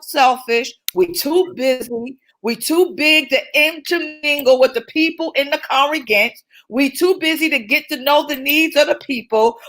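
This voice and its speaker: Woman minister for a passionate talk, slightly higher voice, preachy repetition. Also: a bit bright, rough recording. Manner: fervent, preachy, repeats phrases. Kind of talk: impassioned church talk.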